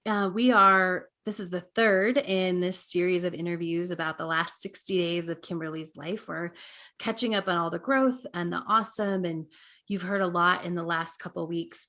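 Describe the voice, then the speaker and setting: A woman's voice: lowish voice, moderate pace, fairly bright tone. A woman hosting an interview podcast, enthusiastic and encouraging, laughing often. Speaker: podcast host and coach. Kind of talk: casual interview chat.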